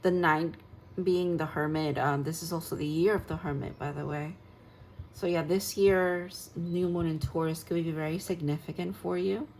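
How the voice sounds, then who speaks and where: Low-pitched woman tarot reader, dreamy and gushing, loose rambling reading, faint hum behind. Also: fairly even intonation, normal speed, darkish tone, low-quality recording. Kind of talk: casual spoken tarot reading.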